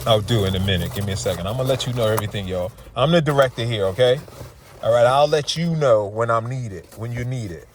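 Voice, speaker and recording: A middle-aged man from New Jersey hosting a casual vlog on a handheld phone, lively and chatty, calling his viewers y'all. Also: medium pitch, fast, a little hiss or hum. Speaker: vlogger host. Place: restaurant and parked car. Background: music playing.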